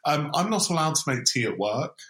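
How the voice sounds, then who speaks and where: A man co-hosting a podcast in casual chat, giving dry, deadpan reactions. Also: a little high, a little fast. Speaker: podcast co-host. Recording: echoey room.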